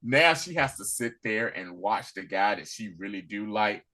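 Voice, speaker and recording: A man in casual podcast chat, retelling a TV episode with animated storytelling. He drops to a low murmur for quoted lines, then jumps high and loud when he gets excited. His delivery is slangy and full of laughs. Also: moderate pace. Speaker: podcast co-host recapping a TV episode.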